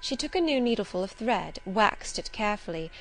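A woman's voice: medium pitch, sing-song, fairly quick, a little hiss or hum, rough recording. Woman reading a classic novel aloud. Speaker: audiobook narrator.

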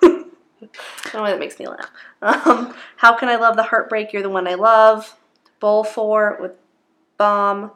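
A woman's voice: mid-range voice, flat delivery, a little slow, long pauses, a bit bright. Playful woman chatting casually. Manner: playful, laughs often, teasing. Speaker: co-host. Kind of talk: casual chat about music awards.

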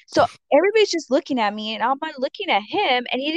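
Woman, casual storytelling, rambling, filler words, slightly high voice, dull lo-fi audio. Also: sing-song, fast talker, few pauses, no echo. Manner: rambling, heavy on fillers, acts out quotes. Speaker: storyteller in a conversation.

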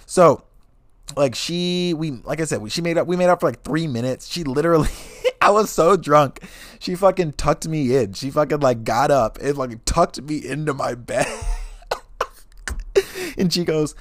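A young man ranting about his dates with lots of swearing and a lively voice that swings up and down. He sits close to the mic, and the sound is dry and plain. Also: a little high, normal speed, dry recording. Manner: animated, swears constantly, laughs mid-story. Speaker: vlogger. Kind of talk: profane comedic storytelling rant.

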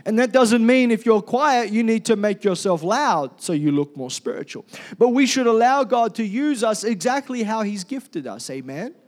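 Male pastor, high voice, loud and energetic sermon delivery. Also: moderate pace. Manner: energetic, loud, calls for congregation responses.

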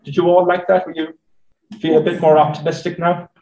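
Speaking briskly in a slightly high, darkish voice with a level tone, an Irish man answers audience questions at a talk. He's a journalist and speaker from Ireland whose replies are chatty, anecdotal, and packed with fillers, captured with a roomy echo.

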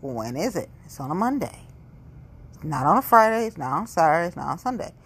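A woman's voice: lowish voice, sing-song, fast talker, slight background noise. A woman in her forties giving a rambling, blunt and profane monologue to camera. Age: 40s. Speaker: vlogger. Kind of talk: candid monologue.

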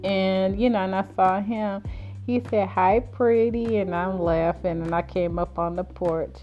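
A woman's voice: little pitch movement, a little slow, lo-fi sound. Giggly woman telling stories on her vlog, chatty, lots of fillers, faint music behind. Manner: laughs often, with high giggles while telling stories; chatty and colloquial, with many fillers. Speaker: storyteller hosting her own series. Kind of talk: casual personal storytelling.

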